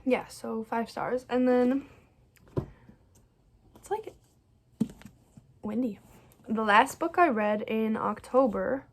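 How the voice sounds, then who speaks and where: Bubbly gushing woman, slightly high voice. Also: slow, pauses often, a little hiss or hum. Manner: gushing and bubbly, many "like"s and "so good"s; rambling, restarts her sentences. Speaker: book vlogger. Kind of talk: casual reading wrap-up chat.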